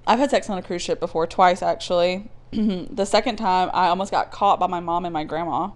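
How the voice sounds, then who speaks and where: A woman co-hosting a casual talk show, telling stories in a profane, animated way. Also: lowish voice, a little fast. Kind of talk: casual chat, storytelling.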